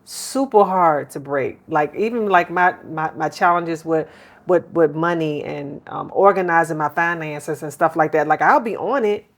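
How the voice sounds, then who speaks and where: A woman's voice: low-pitched, normal speed. A middle-aged woman hosting a podcast, talking earnestly in casual chat and repeating words as she starts. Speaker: podcast host.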